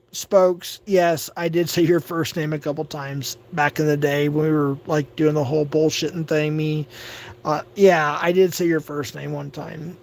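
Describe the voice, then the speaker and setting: Guy ranting on his livestream, fairly high voice, stammers and repeats himself a lot. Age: adult. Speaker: livestream host. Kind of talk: livestream rant.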